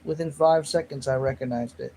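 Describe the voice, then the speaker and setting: A man hosts his own livestream, rambling, poking fun at himself, and reading the chat aloud. His slightly high voice is warm and steady in tone, fairly quick, and caught on a rough recording with a little hiss or hum.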